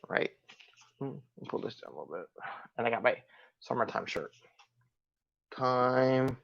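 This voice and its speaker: A man's voice: mid-range voice, sharp tone, highs cut off. A man hosting a live solo video talk as an agile coach, talking in an upbeat, conversational way and asking his viewers rhetorical questions.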